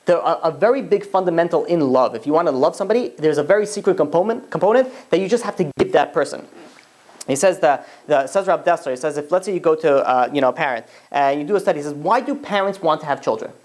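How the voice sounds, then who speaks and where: A man's voice: on the high side, fast. A man, a rabbi, giving a storytelling sermon to a live audience, acting out the characters' lines as he goes. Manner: lively storyteller who acts out the characters' dialogue.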